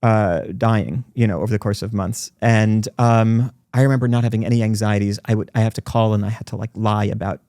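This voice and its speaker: Brief: man in his 40s, podcast guest, rapid-fire anecdotes, dry close mic. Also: fairly low pitch, no echo. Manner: fast, animated storytelling. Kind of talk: podcast conversation. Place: recording studio.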